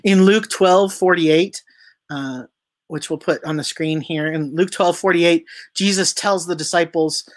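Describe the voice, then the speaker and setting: A pastor giving a sermon in a conversational way, asking the congregation questions and now and then pausing on fillers and correcting themselves. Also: mid-range voice. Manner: conversational preaching with rhetorical questions; occasional fillers and self-corrections.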